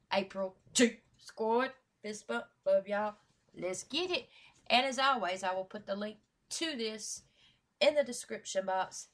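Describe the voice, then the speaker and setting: A woman hosting a reaction video, talking at an unhurried, drawn-out pace in mid-range pitch. She chats in loose slang, swears freely and fires off shout-outs with hype. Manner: slangy, hyped, profane, lots of shout-outs. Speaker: YouTube reaction host. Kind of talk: casual reaction vlog chat.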